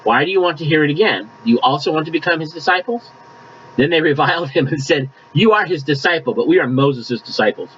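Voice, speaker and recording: A male pastor preaching in a relaxed, chatty way, moving from scripture reading into asides. His voice sits a little high and swings widely in pitch. The sound is dull and lo-fi, with faint room ambience behind him. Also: fast, a little hiss or hum. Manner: conversational preaching with scripture reading, coughs at times. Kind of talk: sermon.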